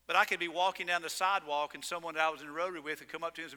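High, bright preaching man in a reverberant sanctuary. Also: rapid-fire. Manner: animated storytelling with sudden loud emphasis. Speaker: pastor. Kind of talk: sermon. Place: church sanctuary. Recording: long reverb in a church sanctuary.

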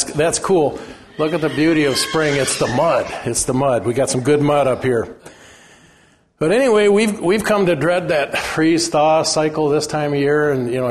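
An older man preaching from the pulpit of a church, speaking in a folksy, rambling way. He leans on fillers and restarts, and his voice sits at an everyday pitch. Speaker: guest preacher. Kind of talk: sermon. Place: church sanctuary.

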